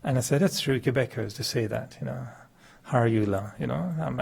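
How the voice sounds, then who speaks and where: A middle-aged man, not a native English speaker, gives a chatty, humorous spiritual talk as a meditation teacher. He laughs often at himself and acts out quoted dialogue with big jumps in pitch. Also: brisk, vocal fry, darkish tone, breathy edge.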